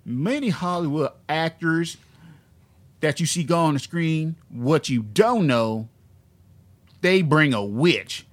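A man putting on a Southern accent to play a fiery male preacher, slow and booming. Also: expressive. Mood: ranting. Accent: American Southern.

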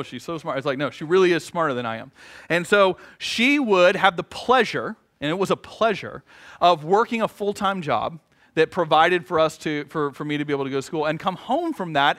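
Lively, bright-voiced middle-aged male pastor. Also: high voice. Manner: storytelling with humorous asides and acted-out quotes. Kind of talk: sermon.

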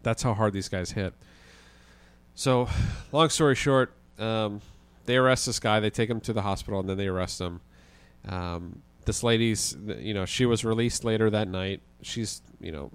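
A man, a guest on a podcast, telling a story in a casual, animated way with the odd swear word. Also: lowish voice, normal speed, smooth. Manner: animated, vivid retelling with occasional swearing.

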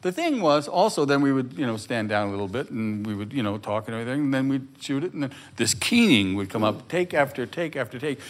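Halting, effusive older man on stage. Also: mid-range voice, expressive. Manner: effusive, halting, many restarts. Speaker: actor in a stage conversation. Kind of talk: conversational chat. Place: stage before a live audience.

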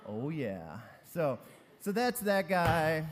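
A man's voice: on the high side, animated, normal speed. A man preaching a sermon, talking conversationally and telling a story with many fillers. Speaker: pastor. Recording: long reverb in a large hall.

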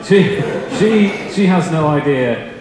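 A man's voice: mid-range voice, expressive, normal speed. A young man preaching a sermon, telling funny stories in a chatty, self-deprecating way before turning to the scripture. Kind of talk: storytelling sermon. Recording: echoey hall with long reverb, faint noise.

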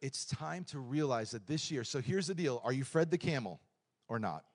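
A middle-aged man preaching a lively, joking sermon in a church, swinging between loud points and quiet asides. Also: medium pitch, normal speed. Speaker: pastor.

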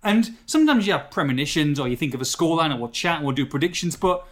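Slightly high male podcast co-host, lively storyteller, pokes fun at himself. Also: quick pace. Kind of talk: casual podcast chat.

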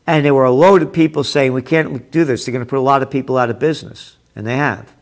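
A man's voice: medium pitch, fairly even intonation, fast talker. Sarcastic man ranting over headlines. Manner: sarcastic, profane, grows heated and loud. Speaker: host. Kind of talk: reading and ranting about news headlines.

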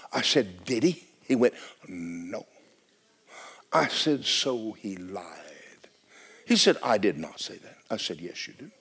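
Male pastor, lively swooping pitch, hushed-to-shouting sermon delivery. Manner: animated preaching, swinging from hushed to shouting. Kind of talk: storytelling sermon. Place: church sanctuary.

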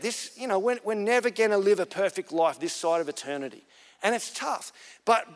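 A man with a fairly high voice preaches to his congregation, moving from easy storytelling to firm, emphatic points. His words ring out with the long reverb of a church hall. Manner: earnest, conversational storytelling that builds to emphatic points. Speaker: pastor. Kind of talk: sermon.

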